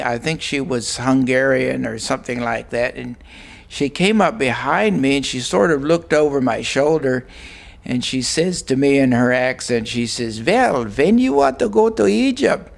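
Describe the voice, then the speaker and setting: An older man from Arizona, telling a personal story in a plain, unhurried way with frequent pauses. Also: mid-range voice, gravelly. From Arizona, USA. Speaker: guest recounting a personal experience. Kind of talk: storytelling monologue.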